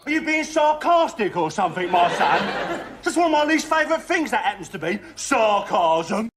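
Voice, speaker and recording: A man's voice: sits high, very animated, normal speed, noisy background, pitched above the performer's own voice. A man putting on a voice to play a mock-indignant man scolding a friend for sarcasm, with exaggerated mock offence.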